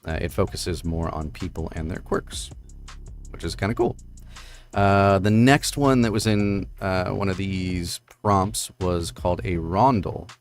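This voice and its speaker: A man's voice: low voice, unhurried, soft background music. A man hosting a live stream, explaining poetry forms in a casual, rambling way full of fillers. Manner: rambling with many fillers and "right?". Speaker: streamer host.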